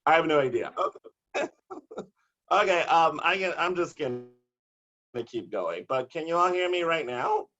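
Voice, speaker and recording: A man performing bawdy comic poetry over a video call, theatrical and given to shouted punchlines. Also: a little high, animated, moderate pace, long pauses, highs cut off. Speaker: poet.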